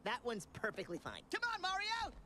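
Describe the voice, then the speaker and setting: A woman voicing a tiny, jittery guide character in an animated film, who squeals warnings and then laughs them off. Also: on the high side, a little fast. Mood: excitable. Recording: film trailer clip with loud noise behind.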